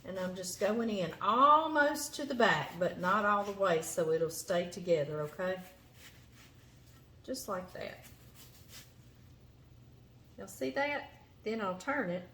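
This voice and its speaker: A Southern woman with a Louisiana drawl walks viewers through her kitchen prep, chatty and folksy. She talks slowly and easily, at a middling pitch. Chopping and clatter come through clearly behind her voice. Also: a bit bright, slight background noise. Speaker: cooking show host. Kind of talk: cooking demonstration. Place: home kitchen.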